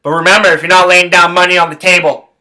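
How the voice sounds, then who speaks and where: A man on his own sports podcast rants with fury, swearing constantly and hammering the same phrases over and over. His voice sits a bit high for a man and comes out bright and tense. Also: little pitch movement, fast talker, slight background noise. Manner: angry, heavy swearing, repeats phrases. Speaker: podcast host. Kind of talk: profane sports rant.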